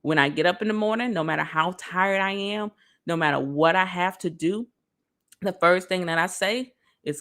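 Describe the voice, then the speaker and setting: A woman giving a casual motivational talk on self-love straight to her viewers, lively and preachy. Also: lowish voice, moderate pace. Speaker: motivational speaker.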